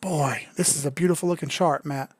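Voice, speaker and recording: A man's voice: on the high side, steady tone, fairly quick, a little mellow, slightly rough. A young man, a bit drunk, doing casual crypto chart commentary on a live stream, loose, joking and profane. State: tipsy.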